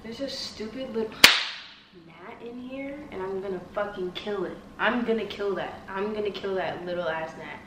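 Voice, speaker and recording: A woman's voice: mid-range voice, moderate pace, recorded from a distance, heavy background noise. Chatty young woman vlogging at home. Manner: chatty, bubbly, talks straight to viewers. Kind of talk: casual vlog chat. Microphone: phone on tripod. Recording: roomy home audio from a bit off-mic.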